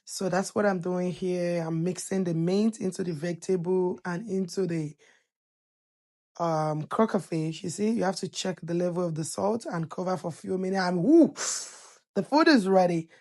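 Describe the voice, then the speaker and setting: A woman talks viewers through her cooking in a loose, chatty voice-over, teasing and joking as she goes. Her voice sits a little low for a woman. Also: normal speed, darkish tone. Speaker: cooking channel host. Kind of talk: casual voice-over narrating a cooking video.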